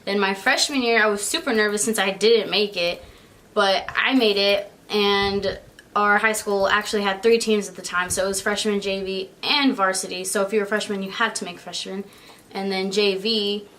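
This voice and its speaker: A woman's voice: mid-range voice, steady tone, moderate pace, a bit bright. A young woman vlogging in a casual, chatty way, giggling often and filling her talk with "like" and "um". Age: young adult. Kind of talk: casual chat.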